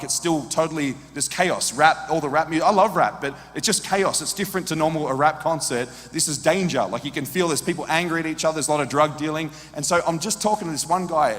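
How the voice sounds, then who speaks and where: An Australian man telling a lively story in a sermon, acting out what people said to him. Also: on the high side. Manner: animated storyteller, acts out quoted dialogue. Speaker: preacher. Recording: long hall reverb.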